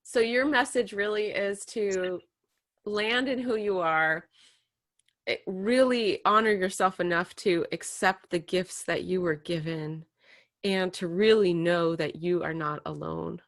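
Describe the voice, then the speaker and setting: Woman podcast host, halting questions. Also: on the low side, no room sound. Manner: hesitant, many ums, warm giggly laughs. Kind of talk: casual interview.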